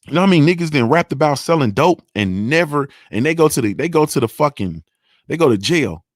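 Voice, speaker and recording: This man's voice sits a little high, with lively intonation and a brisk pace, captured dry at studio quality. He hosts a morning show and goes on an unscripted political rant, emphatic and profane, repeatedly asking listeners, "you understand what I'm saying?"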